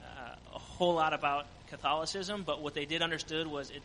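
Man, higher voice, bright tone, earnest mission testimony, reverberant hall. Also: fairly quick, a little hiss or hum. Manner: earnest storytelling with frequent fillers. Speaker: mission trip team member.

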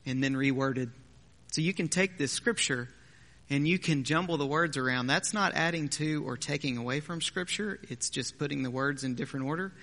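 A man's voice: mid-range voice, sharp tone. A man preaching a sermon as pastor, in a conversational way with joking asides. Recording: long hall reverb.

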